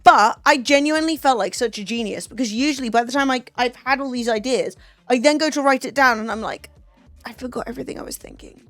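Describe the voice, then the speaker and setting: A woman's voice: high voice, a little fast, a bit bright, no room sound. A young woman from England with a Southern English accent, chatting casually on her stream in a rambling way, full of "like" and the odd swear. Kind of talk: casual chat. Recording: dry close mic, faint music.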